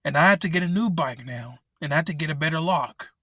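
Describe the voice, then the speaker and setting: A man's voice: on the high side, fast talker, sharp tone, dry recording, clean studio sound. A young man angrily venting and swearing in a rant vlog, recorded in his parked car on a laptop microphone. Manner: angry, frustrated, swearing often. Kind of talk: ranting vent vlog.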